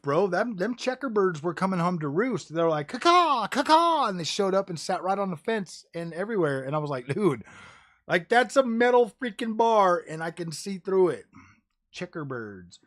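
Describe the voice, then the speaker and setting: A man streaming live, rambling casually about game consoles, saying "dude" and "bro" a lot and cursing now and then. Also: high voice. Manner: jokey, drops into mocking voices. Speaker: gaming streamer. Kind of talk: casual livestream chat.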